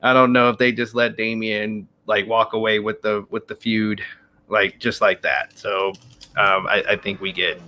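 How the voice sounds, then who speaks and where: A man co-hosting a podcast, laid-back and quick to laugh, talking through his thoughts with many fillers. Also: on the low side, flat delivery, bright, forceful tone. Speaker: podcast co-host. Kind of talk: casual chat.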